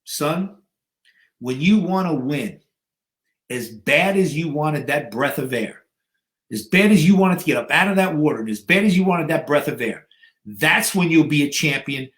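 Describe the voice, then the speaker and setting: A stern older trainer lays down a hard lesson, slowly and firmly, as a man in his fifties quotes him. The voice sits a little high for a man. The room gives it an echo. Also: expressive, a bit bright. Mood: solemn. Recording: echoey room.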